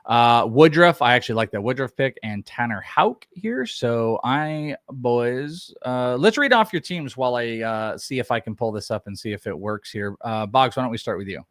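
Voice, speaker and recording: Animated man hosting a draft chat. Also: medium pitch, moderate pace, few pauses, dry recording, studio quality. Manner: animated, thinking aloud. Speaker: host. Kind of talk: casual podcast chat.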